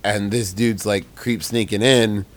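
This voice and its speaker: A man co-hosting a comedic podcast, chiming in with dry, quick quips between the others. His delivery stays laid-back and even. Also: fairly low pitch. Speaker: podcast co-host. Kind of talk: casual comedic chat.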